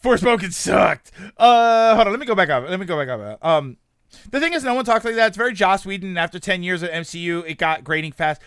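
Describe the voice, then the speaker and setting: A man in his thirties talking casually on a stream, rambling and animated, reacting to chat. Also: sits high, fast, clean tone, no echo, clean studio sound.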